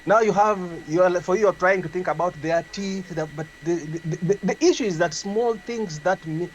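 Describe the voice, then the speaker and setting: Guy rambling, keeps restarting, kinda high voice. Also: moderate pace, slight background noise, rough recording. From Uganda. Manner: rambling, searches for words. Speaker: guest speaker. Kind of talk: casual discussion.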